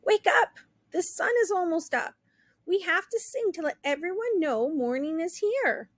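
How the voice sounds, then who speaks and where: A woman voicing a proud, kind male rooster who calls out brightly and gives orders. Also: very high voice, lively intonation, a little slow, no echo, clean studio sound, pitched above the performer's own voice. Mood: bossy.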